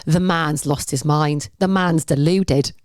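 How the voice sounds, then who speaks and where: A woman's voice: low-pitched, darkish tone, dry recording, studio quality. An English woman co-hosting a podcast, bantering and reacting in casual chat. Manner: chatty, quick reactions and banter. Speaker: podcast co-host.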